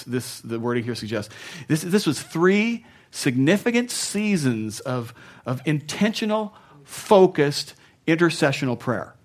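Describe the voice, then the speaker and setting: A man delivering a sermon in an easy, conversational manner. He chuckles at his own side remarks and moves between punchy, louder emphasis and soft, hushed passages. His voice sits in an ordinary middle pitch for a man. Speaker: pastor.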